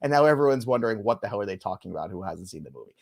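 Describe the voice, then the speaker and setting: A man's voice: fairly low pitch, lively intonation, racing, gravelly. A man hosting a live fantasy baseball show, casual and playful in his banter with a co-host. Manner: jokey, playful, teasing co-host.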